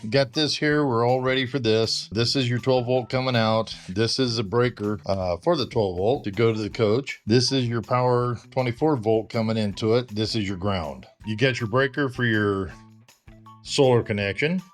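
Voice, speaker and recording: A man giving a casual, halting how-to walkthrough of wiring his trailer, slightly out of breath. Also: medium pitch, faint music behind. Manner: plain, halting, lots of "uh". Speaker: RV owner doing a DIY install. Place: travel trailer and its storage bay, hot weather.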